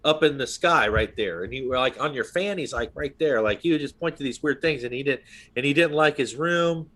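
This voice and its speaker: A man's voice: medium pitch, a little fast, fairly bright tone. Rambling, chatty man telling a story. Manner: rambling storyteller, full of "you know what I mean". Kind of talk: casual conversation.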